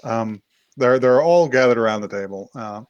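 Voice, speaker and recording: A man's voice: medium pitch, moderate pace, smooth, no echo, dull audio. A man co-hosting a podcast, casually recapping an anime episode and acting out the characters' lines with laughs and swearing. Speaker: podcast co-host.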